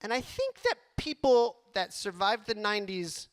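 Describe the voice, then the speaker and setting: A man doing a stand-up comedy set on a club stage, animated and rattling off long lists quickly. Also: high voice, smooth.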